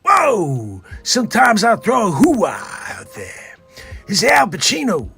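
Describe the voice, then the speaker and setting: A man doing an impression of a gruff older male film actor with a gravelly voice who bursts into shouts. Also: high-pitched, huge pitch swings, slow pace, soft background music, pitched above the performer's own voice, full character voice.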